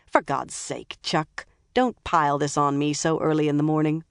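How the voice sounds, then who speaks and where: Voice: mid-range voice, steady tone, moderate pace, gravelly, clear, resonant tone, no room sound, studio quality, lightly acted. A narrator doing a tough, sarcastic female police chief. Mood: impatient, sarcastic. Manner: sharp, sarcastic and impatient.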